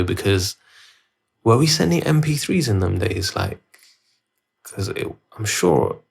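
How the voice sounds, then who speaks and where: A man's voice: fairly low pitch, vocal fry, slightly rough. A man hosting his own podcast, telling a story in a rambling, loose way with many restarts. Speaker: podcast host. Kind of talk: casual solo podcast storytelling. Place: at home, filming himself.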